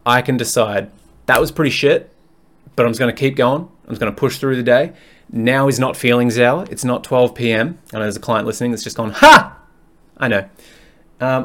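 A man's voice: medium pitch, fairly bright tone. A man hosting a fitness podcast alone, talking bluntly and frankly, swearing freely and rambling as he thinks aloud. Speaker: fitness coach and podcast host. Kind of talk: candid solo podcast monologue.

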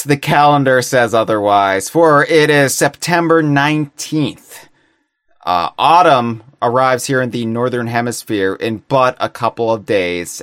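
A man's voice: medium pitch, a bit bright, smooth, no room sound, studio quality. A man co-hosting a casual podcast chat, playful and theatrical, with mock-grand phrasing. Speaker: podcast co-host.

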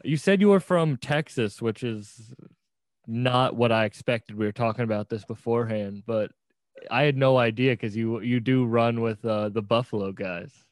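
Male podcast host, relaxed interviewer, mid-pitched voice, dry close recording. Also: moderate pace, no echo. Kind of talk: casual interview.

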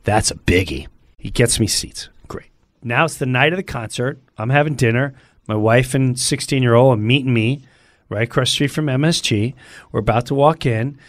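A middle-aged male comedian telling an animated story as a guest, acting out other people's voices in the quotes. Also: medium pitch, normal speed, dry recording, clean studio sound.

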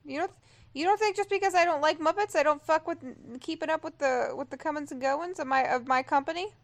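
A young woman co-hosting a podcast, chatting excitedly and quickly about a movie while watching it. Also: high-pitched. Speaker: podcast co-host. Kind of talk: casual movie watch-along chat.

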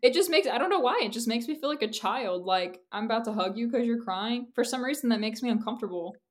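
A young woman co-hosts a podcast in relaxed, casual chat. She talks candidly and rambles, laughing often and leaning on "like" as she goes. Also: a little high, quick pace. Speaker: podcast co-host.

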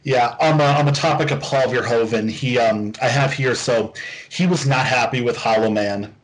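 A man in easygoing podcast talk. He circles his point with plenty of fillers and pauses. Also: medium pitch, rough recording. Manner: hesitant, many fillers. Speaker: podcast co-host. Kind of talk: casual chat.

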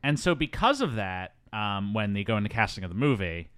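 A man's voice: lowish voice, very animated, fairly quick, a bit bright, clean tone, no room sound. A man hosting a casual movie podcast, chatty with frequent ums and asides. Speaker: podcast host.

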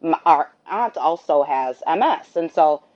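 Brief: talkative woman, lower voice, rambles and acts out lines, muffled lo-fi audio. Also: animated, unhurried. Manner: chatty, rambling, acts out dialogue. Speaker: guest, the host's sister. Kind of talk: storytelling conversation. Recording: dull lo-fi sound.

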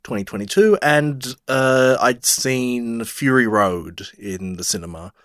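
A man from Poland co-hosting a film podcast, unhurried and deadpan. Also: mid-range voice, no echo, studio quality. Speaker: podcast co-host. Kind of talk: casual chat.

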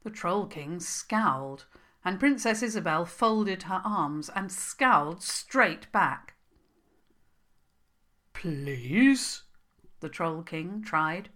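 A woman narrating a children's story, slow and expressive. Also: fairly low pitch.

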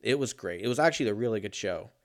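A man's voice: fairly low pitch, animated, fast. A young man in a casual comedic rant, profane and rambling, jumping into mock voices of people he quotes.

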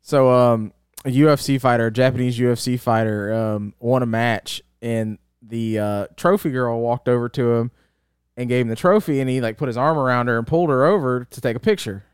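A man's voice: medium pitch, brisk, smooth, dry recording, clean studio sound. A man co-hosting a podcast, telling a rambling funny story with lots of fillers. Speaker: podcast co-host. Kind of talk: casual storytelling chat.

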